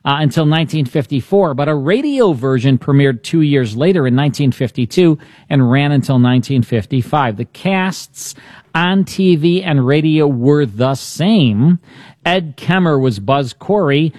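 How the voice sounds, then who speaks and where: A man's voice: fairly high pitch, lively intonation, moderate pace, a little mellow, no echo, studio quality. A male host of a classic radio show podcast, chatting and joking with his co-host. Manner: jokey, chatty. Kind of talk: casual podcast chat and ad read.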